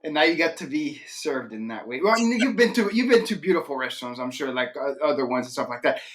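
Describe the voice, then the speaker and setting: A man hosting a podcast interview, laid-back and slangy, with quick reactions. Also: a little high, very animated, a bit bright, a little hiss or hum. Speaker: podcast host.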